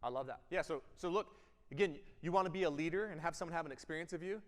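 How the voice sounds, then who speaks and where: A man giving an energetic keynote speech, emphatic, jumping between loud bursts and quiet intensity. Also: fairly high pitch, fast talker. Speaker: keynote speaker. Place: event hall. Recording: long hall reverb.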